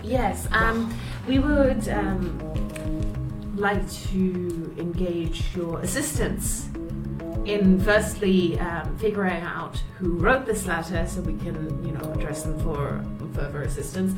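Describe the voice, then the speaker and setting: A woman playing a tabletop game in character, speaking in a polite, deliberate way. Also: lowish voice. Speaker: player. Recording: roomy, distant mic with music.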